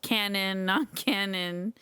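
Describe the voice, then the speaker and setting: A woman co-hosting a podcast in casual chat, chatty and quick to laugh. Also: mid-range voice, sharp tone, clean tone, no echo. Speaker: podcast co-host.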